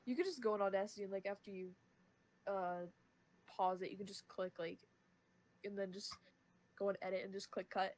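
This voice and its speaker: A woman's voice: mid-range voice, fairly even intonation, a little fast, pauses often, a little mellow. A teenage girl talks loosely on a podcast and giggles often. Her stories ramble from one aside to the next. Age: teens. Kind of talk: casual chat.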